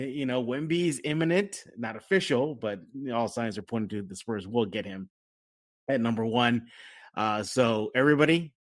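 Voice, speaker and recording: A man's voice: mid-range voice, a bit bright. A man hosting a casual sports podcast, talking with energy and acting out fan reactions. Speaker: podcast host.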